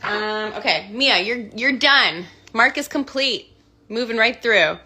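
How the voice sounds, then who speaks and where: Bright, chatty Canadian woman. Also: on the high side, lively intonation, slow pace. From Canada, part childhood in Scotland. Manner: chatty, bubbly, thinking aloud while signing. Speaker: voice actor signing autographs on a livestream. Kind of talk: casual livestream chat.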